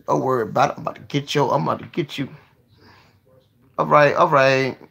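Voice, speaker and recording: A man hosting a casual livestream, talking to his viewers in a profane, excitable way that swings from low mumbling to sudden yelling. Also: brisk, vocal fry, long pauses, husky. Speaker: livestream host.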